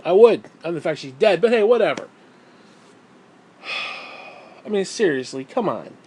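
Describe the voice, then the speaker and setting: Fired-up man ranting about games, high voice. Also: very animated, normal speed, a little mellow, breathy edge. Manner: heated, profane, ranting. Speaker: gaming YouTuber. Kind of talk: angry gaming rant. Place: at home.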